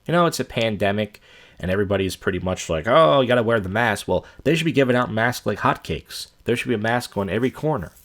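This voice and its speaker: A man's voice: lowish voice, animated, quick pace. A man hosting a podcast and ranting casually and profanely. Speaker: podcast host.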